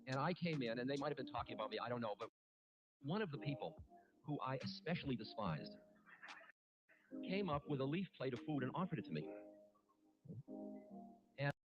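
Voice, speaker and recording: A man's voice: mid-range voice, very animated. Candid storytelling man over music. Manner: halting, candid, self-mocking, with frequent restarts. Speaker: spiritual teacher. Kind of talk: reflective storytelling talk. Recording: muffled archive recording with music. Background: music playing underneath.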